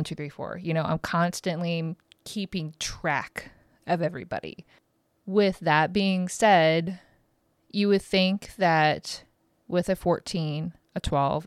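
A woman's voice: on the low side, dry recording, studio quality. A mother in her thirties hosting a podcast, rambling frankly and swearing casually in a loose, chatty monologue. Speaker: podcast host.

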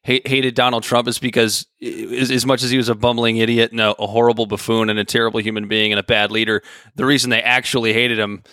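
A man co-hosting a casual political podcast, talking in a halting way with many restarts and fillers. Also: mid-range voice, little pitch movement, bright, forceful tone, clean tone, no room sound, studio quality. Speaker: podcast co-host.

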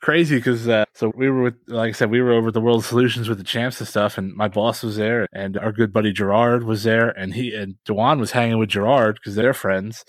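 A man co-hosting a podcast, telling stories in a casual, animated way and laughing often. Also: on the low side, a little fast, hardly any pauses, dry recording. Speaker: podcast co-host. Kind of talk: casual chat.

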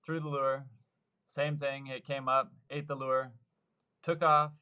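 A man's voice: mid-range voice, slow, clean tone, muffled recording. A man in his thirties, a surf fishing guide, telling stories casually in a podcast interview and acting out the lines of the people in them. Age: 30s. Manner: lively storyteller, acts out quoted dialogue.

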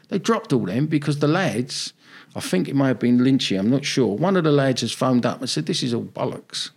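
An older man with a South London accent, appearing as a football manager guest on a podcast, tells his story bluntly and animatedly. His medium-pitched voice has a darkish tone with a breathy edge.

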